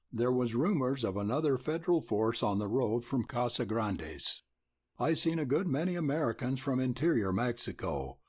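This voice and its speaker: A laconic frontier cowboy drawls his lines coolly, his grammar rough and unhurried, as a male narrator puts him on. The voice is husky and swings lively in pitch. It comes as a storybook reading.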